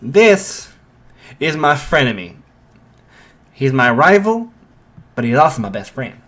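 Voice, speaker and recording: A man's voice: medium pitch, sing-song, slow, a bit bright, exaggerated voice. Man voicing a teen boy hero, cocky, teasing, playful insults, fan story.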